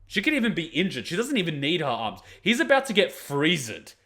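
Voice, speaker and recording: A man's voice: fairly high pitch, huge pitch swings, brisk, a bit bright. A man hosting an anime reaction video, giving blunt, profane, mocking commentary on the fight.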